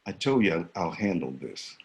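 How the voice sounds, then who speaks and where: A man's voice: low voice, moderate pace. A man voicing a formidable, stern older woman principal who speaks firmly and dismissively. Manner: firm, dismissive, calm.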